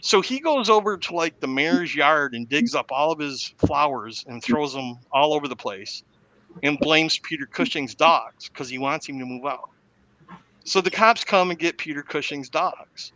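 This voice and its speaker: A man with a bright, forceful voice retells a film plot in a casual way. He is a lively, animated storyteller, and his voice sits a little above most men's. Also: on the high side, normal speed, no echo, poor audio. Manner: animated storyteller who acts out the quotes. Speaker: podcast host.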